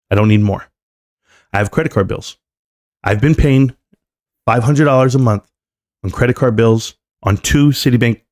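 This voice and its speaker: A man ranting at his live chat. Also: on the low side. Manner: animated, ranting, talks straight to chat. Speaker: live stream host. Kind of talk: casual live-stream rant.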